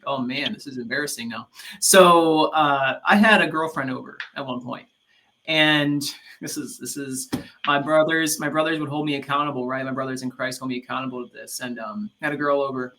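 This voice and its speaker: A man co-hosting a casual faith-based podcast chat, telling animated stories with many restarts. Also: mid-range voice, a little fast. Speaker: podcast co-host.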